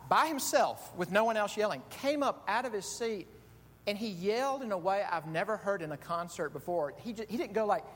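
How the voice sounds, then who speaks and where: A middle-aged man preaching a sermon, telling stories with animated delivery that swings from quiet asides to loud shouts. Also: fairly quick, breathy edge. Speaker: pastor. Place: church sanctuary. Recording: echoey hall with faint rumble.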